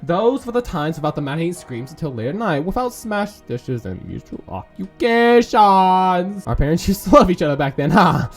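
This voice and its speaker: High, lively, swearing gamer. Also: male voice, normal speed, hardly any pauses. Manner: profane, rambling, jokey asides. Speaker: gaming YouTuber. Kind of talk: let's play commentary, reading game text aloud. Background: faint game music.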